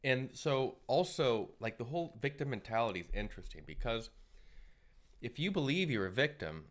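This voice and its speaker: A man's voice: medium pitch, big pitch swings, moderate pace. A man co-hosting a casual chat, speaking reflectively in short statements. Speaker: podcast co-host.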